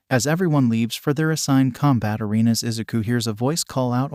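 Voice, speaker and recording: A man's voice: mid-range voice, brisk, few pauses, a little mellow, no room sound. Man reading a story, dry sound. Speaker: fan fiction reader. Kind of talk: steady story narration.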